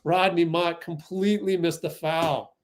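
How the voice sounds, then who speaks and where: A man hosting a fan livestream, giving excitable live play-by-play and getting outraged at the referees. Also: fairly high pitch, a little slow.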